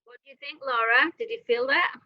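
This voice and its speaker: A woman's voice: high voice, fairly quick, no room sound. A woman hosting an interview over a video call, upbeat and moderating between guests. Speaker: host. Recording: dull, dry lo-fi sound.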